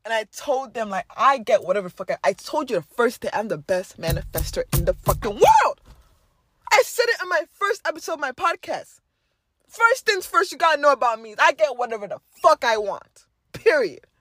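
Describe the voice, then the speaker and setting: A young adult woman hosting her own podcast, telling a story in a casual, boastful and profane way, dropping to low mutters and bursting into loud exclamations. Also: animated, moderate pace. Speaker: podcast host.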